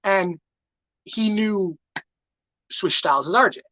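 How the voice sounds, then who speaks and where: A man's voice: sits high, slow pace, bright, forceful tone, muffled recording. A man, a guest entrepreneur, telling stories in casual chat. He swears freely and acts out the dialogue he quotes. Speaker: guest entrepreneur and artist manager. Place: studio.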